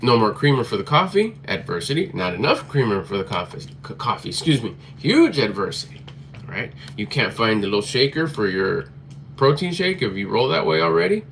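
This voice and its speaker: A man's voice: mid-range voice, very animated, fairly quick, vocal fry, a bit bright, slight background noise. A man giving a motivational talk to camera in a blunt, emphatic way, swearing freely and hammering his points through repetition. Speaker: motivational vlogger.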